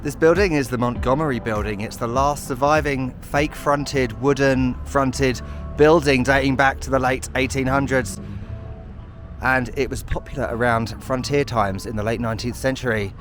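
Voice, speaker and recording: A man's voice: medium pitch, fairly even intonation, normal speed, soft background music. A British man narrating a walking travel vlog outdoors on city streets, chatty and self-mocking with sarcastic asides. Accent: British English. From United Kingdom. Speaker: travel vlogger.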